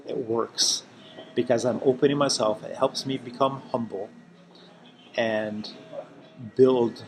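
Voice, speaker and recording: A man's voice: mid-range voice, steady tone, moderate pace, a crowd in the background. A man talking earnestly and emphatically in a personal self-help vlog, repeating himself for emphasis. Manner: heartfelt, emphatic and repetitive.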